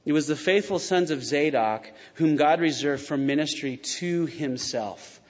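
A man's voice: on the high side, a little slow. Man preaching in a reverberant hall. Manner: conversational and animated, acts out quotes. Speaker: pastor. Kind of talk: sermon. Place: church sanctuary. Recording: muffled sound with long reverb in a large hall.

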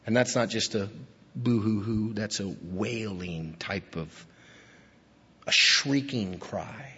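Husky preacher in an echoing hall. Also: male voice, lowish voice, takes it slowly. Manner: emotional, swinging from hushed to emphatic. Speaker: pastor. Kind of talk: sermon. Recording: dull lo-fi sound with long hall reverb.

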